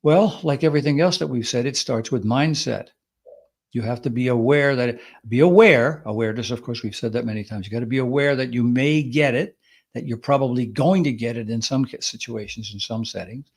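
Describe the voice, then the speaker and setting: Man explaining with lively acted quotes. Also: mid-range voice, a little fast. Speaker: podcast co-host. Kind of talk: conversational advice talk.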